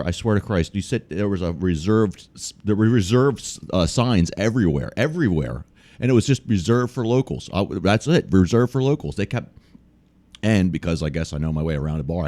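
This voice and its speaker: Deep-voiced, profane man telling stories. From United States. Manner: profane, animated storytelling. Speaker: guest storyteller. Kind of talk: casual podcast chat.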